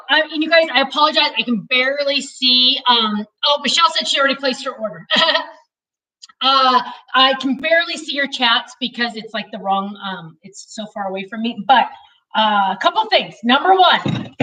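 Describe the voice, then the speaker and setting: Bright, chatty woman heard from afar. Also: on the high side. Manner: chatty, self-deprecating, talks loudly to reach distant cameras. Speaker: host of a live craft product stream. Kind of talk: casual live-stream chat. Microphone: no mic, cameras far away. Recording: distant, unmiked room sound.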